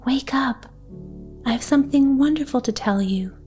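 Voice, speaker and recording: A woman reading the part of an excitable little girl in a storybook, eager and breathless. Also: high voice, normal speed, faint music behind, voice pushed up, natural voice. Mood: excited.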